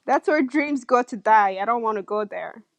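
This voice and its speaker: A woman's voice: a little high, expressive, normal speed, dry recording. A woman chatting casually on a live video call, laughing often and self-conscious about her own voice. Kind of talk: casual live-stream chat.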